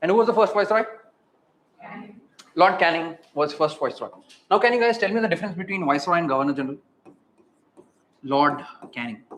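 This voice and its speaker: A man with an Indian English accent giving an exam revision lecture, asking the class quick questions and repeating key terms. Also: a little high, a bit bright, a little hiss or hum. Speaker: teacher.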